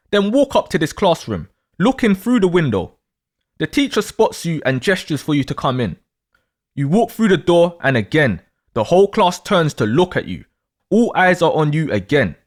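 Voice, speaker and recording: Animated man telling a story. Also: a little high, normal speed. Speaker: astrology storyteller. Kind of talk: second-person storytelling narration.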